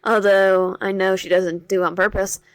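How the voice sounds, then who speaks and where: A woman's voice: medium pitch, little pitch movement, dry recording, close to an everyday voice. Woman voicing a shy, troubled teen boy. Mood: hurt. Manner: halting, stumbling over words. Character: shy, troubled teenage boy, soft-spoken.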